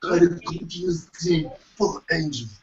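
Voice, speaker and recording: A man's voice: on the high side, normal speed, a little mellow, lo-fi sound, natural voice. A man doing a weary old action-film cop. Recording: distant, echoey, noisy call audio.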